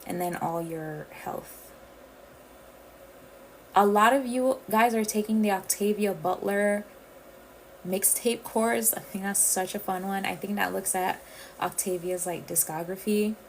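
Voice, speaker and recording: A woman's voice: medium pitch, a little slow, slight background noise, rough recording. A woman from the Caribbean, hosting a casual livestream and chatting directly with her viewers. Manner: chatty, addresses viewers as y'all. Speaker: livestream host.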